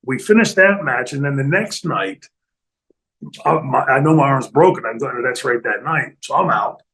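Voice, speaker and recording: Gravelly man telling animated stories. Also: mid-range voice, normal speed, poor audio. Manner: animated, acts out other people's lines, laughs often. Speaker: retired pro wrestler guest telling stories. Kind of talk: casual storytelling in a podcast interview. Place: studio.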